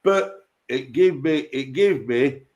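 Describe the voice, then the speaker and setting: Man for a livestream chat, tells a rambling, profane story, restarts often, average pitch. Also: animated, takes it slowly, darkish tone. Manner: rambling, sweary, repeats himself and stumbles on words. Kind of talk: casual storytelling.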